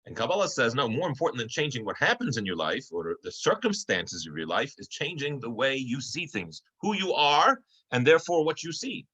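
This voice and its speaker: A man with a bright, forward voice, teaching a class over a video call. He tells stories in a loose, conversational way, with plenty of fillers and restarts. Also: mid-range voice, sing-song, brisk, hardly any pauses, slightly rough, dull audio. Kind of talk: online class storytelling lecture.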